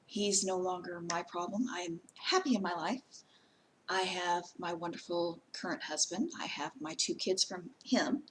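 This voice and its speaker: A woman vlogging in a casual talk to camera, plainspoken and earnest, giving direct advice with frequent pauses. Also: on the low side, animated, a bit bright, slight background noise, poor audio.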